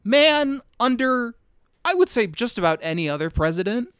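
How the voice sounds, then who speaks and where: A man's voice: very high-pitched, sing-song, moderate pace, a bit bright, clean tone, no echo, clean studio sound. A man co-hosting a podcast in casual chat, rambling and swearing with frequent restarts. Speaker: podcast co-host.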